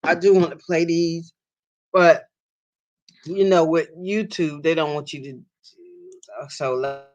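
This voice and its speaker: A man hosting a live show, reacting to a clip with slow, musing asides. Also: on the high side, steady tone, highs cut off.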